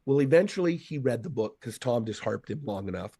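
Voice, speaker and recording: Earnest man in his fifties, mellow voice. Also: mid-range voice, brisk, creaky, husky, no echo, studio quality. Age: 50s. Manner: earnest, animated storyteller acting out quotes. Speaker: guest. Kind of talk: storytelling in a podcast interview.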